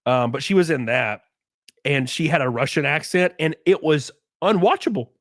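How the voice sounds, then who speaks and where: A streamer host with a Southern US Alabama accent rants casually and profanely on his livestream, stuffy from a runny nose. His voice is on the high side at a moderate pace, studio quality with no echo, and he's animated and mocking.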